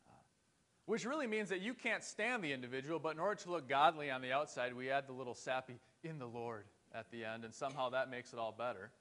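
A man's voice: medium pitch, fast talker, hardly any pauses, fairly bright tone. A man preaching a sermon in a church, earnest and conversational, asking his listeners rhetorical questions. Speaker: pastor.

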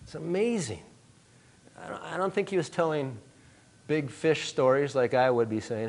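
A man preaching a sermon to a congregation, earnest and emphatic, often pausing with "uh". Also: fairly high pitch, a little mellow. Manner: earnest, emphatic, many "uh" fillers. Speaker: pastor.

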